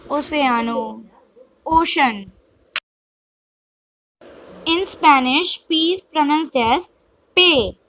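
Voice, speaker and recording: A woman with a high, light voice reads vocabulary one word at a time. Her delivery is extremely slow and deliberate, pausing between each term like a scripted drill. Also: a bit bright, slight background noise, rough recording. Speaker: language tutor.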